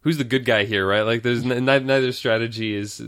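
A man co-hosting a casual movie podcast, speaking in a measured, thoughtful way. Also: mid-range voice, steady tone, a bit bright, smooth. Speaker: podcast co-host.

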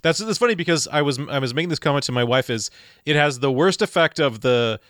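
A man's voice: on the high side, animated, quick pace, fairly bright tone, no echo, clean studio sound. A man chatting casually on a podcast about a movie, explaining things thoughtfully. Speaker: podcast co-host. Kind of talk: casual movie review chat.

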